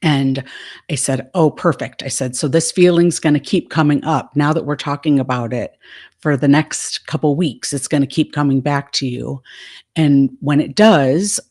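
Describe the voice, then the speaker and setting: A woman's voice: very deep voice, a little mellow. A middle-aged woman life coach talking casually on a live stream, retelling a coaching session and speaking her client's lines in her own voice.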